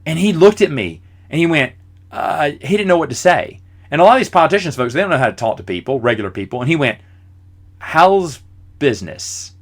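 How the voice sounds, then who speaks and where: Lively man telling stories on his podcast. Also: a little high, fast talker. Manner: animated, acts out quoted voices. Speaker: podcast host. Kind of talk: casual storytelling monologue.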